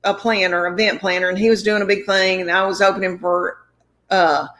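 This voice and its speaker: A woman comedian being interviewed, telling rambling, animated stories full of quoted dialogue. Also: medium pitch, brisk. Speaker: comedian guest. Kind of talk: storytelling interview chat.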